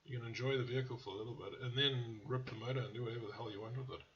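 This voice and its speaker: A man's voice: mid-range voice, steady tone, racing, fairly bright tone, highs cut off. A man hosting a car channel, casually reviewing car ads in a blunt, profane way that often turns into rants. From South Africa.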